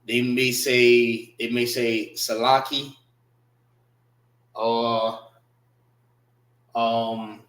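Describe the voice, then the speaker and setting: Slow-talking man teaching in an echoey room. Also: medium pitch, completely flat delivery, a bit bright. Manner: slow, repeats and spells out words, casual slang. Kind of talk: classroom language lesson.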